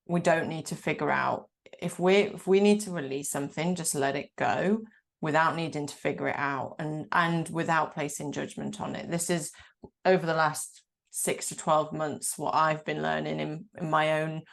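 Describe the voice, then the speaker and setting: A woman hosts a casual interview podcast. Her voice sits fairly low with a gravelly creak running through it. She talks in an earnest, reflective way and laughs easily. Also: steady tone, moderate pace. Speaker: podcast host.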